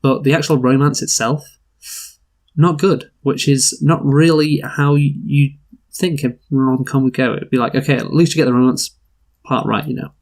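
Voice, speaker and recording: A man's voice: mid-range voice, fairly even intonation, normal speed, gravelly. A man co-hosting a casual film review podcast, candid and thinking aloud, swearing casually.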